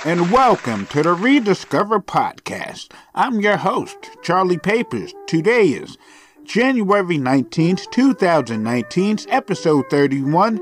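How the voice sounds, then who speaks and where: A man's voice: a little high, very animated, normal speed, faint music behind. A man hosting a solo podcast, ranting sarcastically and swearing as he rambles. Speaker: podcast host.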